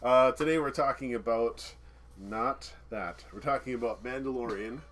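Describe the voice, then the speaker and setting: A man's voice: medium pitch, a little fast. A man co-hosting a casual podcast chat, joking and laughing often, sometimes trailing off. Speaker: podcast co-host.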